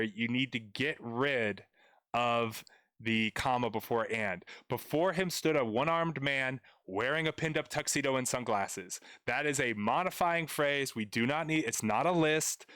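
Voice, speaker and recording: A man's voice: medium pitch, fairly bright tone, no echo, studio quality. A young man tutoring grammar on a live stream, chatting playfully with viewers as he goes over a paragraph. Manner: chatty, playful, addresses chat viewers directly.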